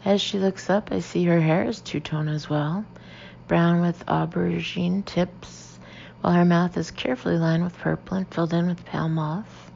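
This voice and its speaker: A woman reading a first-person audiobook in a lively, expressive way. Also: fairly low pitch, normal speed, creaky. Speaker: audiobook narrator. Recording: dull lo-fi audio, faint hiss.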